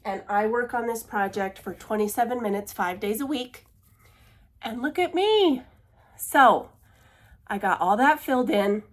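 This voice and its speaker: A woman's voice: on the high side, unhurried. A woman chatting casually in a cross-stitch vlog, laughing at herself, apologizing often, and dropping to a near-whisper when she fumbles. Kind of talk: casual chat.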